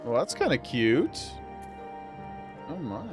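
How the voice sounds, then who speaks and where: A man's voice: medium pitch, huge pitch swings, takes it slowly, over music. Chatty laughing male streamer. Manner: chatty, laughing, talks to chat. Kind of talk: casual livestream chat.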